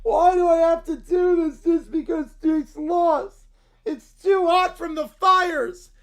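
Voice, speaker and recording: A man voicing a bratty young boy in a furious tantrum, whining, shouting and tearful as he reads a story in character. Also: extremely high pitch, steady tone, takes it slowly, pitched above the performer's own voice, exaggerated voice. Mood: whiny tantrum. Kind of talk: reading an AI-written story in character.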